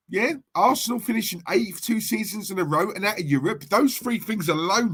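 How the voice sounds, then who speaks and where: A man's voice: sits high, expressive, normal speed, hardly any pauses, fairly bright tone, husky. A man co-hosting a fan podcast, teasing and mocking his co-host with incredulous banter. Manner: mocking, incredulous, laughs often.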